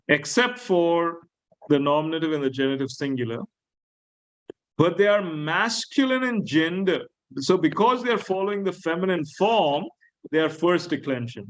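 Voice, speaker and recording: A man lecturing a class on Greek grammar, slowly repeating key words and asking his students questions. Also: fairly high pitch, fairly bright tone, low-quality recording. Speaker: Greek teacher.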